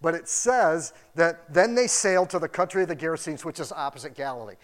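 A pastor giving a casual, animated sermon in a church, acting out quoted voices as he goes. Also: fairly high pitch, a little fast. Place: church building.

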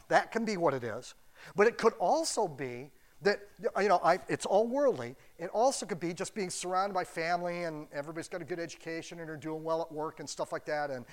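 Folksy, conversational male pastor. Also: a little high. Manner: folksy, conversational, joking asides. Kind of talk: sermon.

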